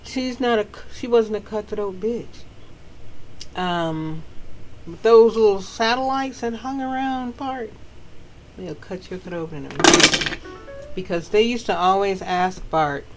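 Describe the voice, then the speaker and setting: Southern lady author spinning stories, sassy n laughing, slow drawl, faint noise behind. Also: mid-range voice, poor audio. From Southern United States. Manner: sassy, animated, laughs often. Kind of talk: casual storytelling.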